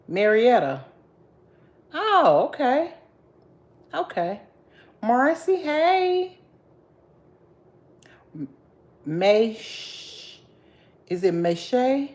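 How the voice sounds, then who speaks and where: Her voice is high-pitched, sing-song and a little mellow as she runs a laid-back livestream, worn out but playful. She's the mother of a grown daughter, and she calls out to viewers by name with long, lilting, teasing greetings.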